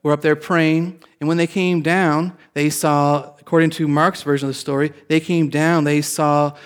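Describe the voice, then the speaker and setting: A man in his fifties, a pastor, telling a personal story in his sermon in a chatty way, with many restarts, and growing animated at the punchlines. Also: fairly high pitch, normal speed, clear, resonant tone.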